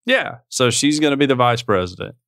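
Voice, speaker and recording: A man, co-hosting a casual podcast with a medium-pitched voice. He jokes and chuckles as he talks. The sound is dry, close and free of room echo. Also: expressive, a little fast, creaky, fairly bright tone. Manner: joking, chuckles through his remarks. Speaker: podcast co-host. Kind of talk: casual chat.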